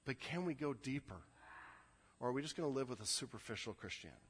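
A man's voice: mid-range voice, animated, fast talker, breathy edge. Earnest male pastor in an echoing hall. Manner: earnest, repeats words when building a point. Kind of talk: sermon. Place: church sanctuary. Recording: long hall reverb.

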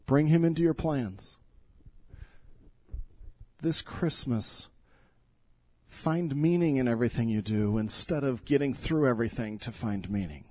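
A man's voice: medium pitch, measured pace, long pauses, darkish tone. A middle-aged male pastor giving an earnest, pleading sermon in church, often repeating words as he speaks.

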